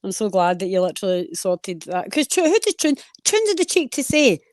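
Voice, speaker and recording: A Scottish woman chatting on a live stream, telling stories fast and swearing freely. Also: mid-range voice, dry recording. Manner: fast, sweary, animated storytelling. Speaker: regular on a live stream panel. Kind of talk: casual live-stream chat.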